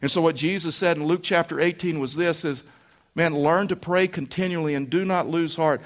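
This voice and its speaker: A pastor preaching a sermon in a folksy, storytelling way. His man's voice sits a little high. He drives his points home by repeating phrases. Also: fairly even intonation, normal speed.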